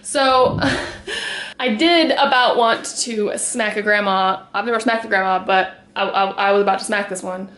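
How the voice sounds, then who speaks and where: A young vlogger walks around her house chatting casually to her camera, rambling and laughing often. Her mid-range voice has a fairly bright tone and a moderate pace.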